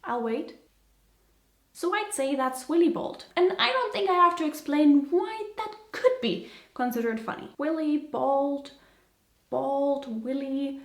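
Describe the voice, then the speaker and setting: A woman's voice: very high-pitched, very animated, unhurried, a bit bright. A woman, presenting a scripted comedic explainer in a playful, punny way with whispered asides. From Germany. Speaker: YouTuber presenting a video. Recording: roomy echo.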